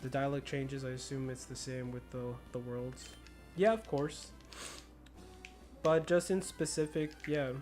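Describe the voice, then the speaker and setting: He's a young American streamer with a slight Spanish-influenced accent, laughing often through relaxed, slangy chat while gaming. The voice is medium-pitched, fairly even and unhurried, with a darkish tone and faint background music.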